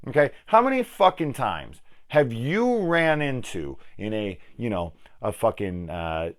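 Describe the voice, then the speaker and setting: A man's voice: mid-range voice, sing-song, a little slow. A man hosting a film review channel, angrily ranting through a profane spoiler discussion.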